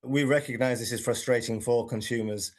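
A man's voice: medium pitch, steady tone, fairly quick. A man speaking as a regulator's spokesperson, giving a careful statement with some hesitation. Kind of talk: interview statement.

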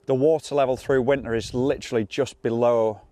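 A man's voice: mid-range voice, steady tone, a little fast, dark tone, dry recording. A wildlife expert, a man, explaining outdoors by a river and pointing things out.

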